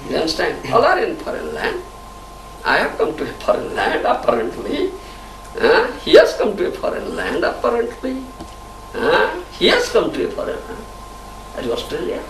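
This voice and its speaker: A man's voice: high voice, wildly swooping pitch, normal speed, a bit bright. A man gives a devotional lecture, often chuckling and asking "you understand?". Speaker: spiritual teacher. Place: temple hall. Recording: echoey hall, distant mic, faint hiss.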